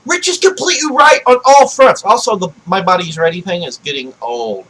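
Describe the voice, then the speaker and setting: A man with a high, husky voice rants into his desk mic about video games. His pitch leaps all over the place as he goes from bellowing at the top of his voice down to low, irritated muttering, with a steady stream of swearing. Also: fairly quick, poor audio. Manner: swinging from shouting to low grumbling, heavy swearing. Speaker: gaming vlogger. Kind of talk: angry gaming rant.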